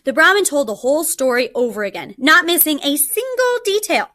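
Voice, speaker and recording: A young adult woman teacher reading a story aloud to students, animated, with frequent ums. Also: high-pitched, fairly quick, hardly any pauses, no room sound, studio quality.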